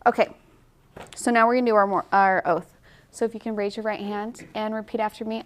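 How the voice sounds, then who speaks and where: A woman's voice: medium pitch, fairly even intonation, fairly quick, a little hiss or hum. A woman in her thirties teaching a watercolor tutorial in a casual, chatty way, often saying "like" and laughing easily. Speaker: watercolor instructor.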